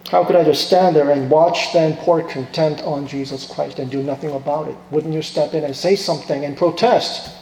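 A man preaching in a church sanctuary, his voice a little high but mellow and dark in tone. He swings between hushed, slow lines and loud, pleading outbursts. The room rings with a long, echoey reverb. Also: fairly even intonation, slight background noise. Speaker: pastor. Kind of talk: sermon.

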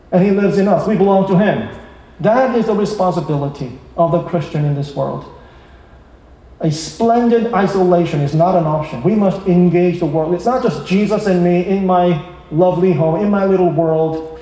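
A man's voice: fairly high pitch, mellow. Man preaching in an echoey hall. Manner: emphatic, rising and slowing for stress. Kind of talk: sermon.

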